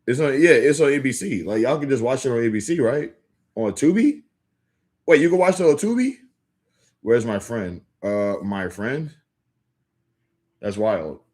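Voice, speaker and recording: A young man chatting casually with viewers on a livestream, rambling with lots of filler words and quick restarts. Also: medium pitch, animated, darkish tone. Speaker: livestream host. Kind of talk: casual live-stream chat with viewers.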